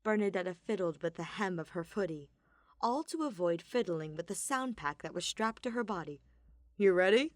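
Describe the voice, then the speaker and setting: A woman reading a story aloud in expressive scripted narration. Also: lowish voice, normal speed, no echo, clean studio sound. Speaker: podfic reader.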